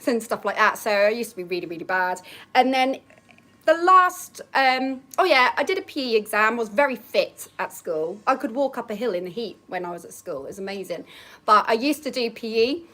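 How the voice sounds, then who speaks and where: Young woman, slightly high voice, casual balcony vlog storyteller with a quick laugh. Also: animated, a bit bright. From England, Norfolk. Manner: chatty, laughs often, acts out remembered lines. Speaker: vlogger. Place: outdoors on a balcony.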